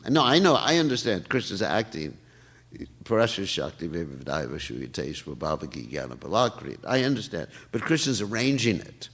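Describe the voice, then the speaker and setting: An older man giving a morning temple class, talking in an animated way and laughing often. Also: sits low, moderate pace. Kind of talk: sermon. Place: temple hall.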